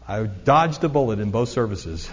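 A male pastor with a lowish, expressive voice preaches a sermon at normal speed in a church sanctuary, with slight background noise. Earnest and conversational, he keeps making asides to the congregation, all recorded in a dull, lo-fi, echoey hall.

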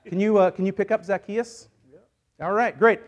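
A man preaching a sermon as a pastor, playful and energetic, joking with volunteers while acting out a Bible story. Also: sits high, normal speed, lo-fi sound. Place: church service.

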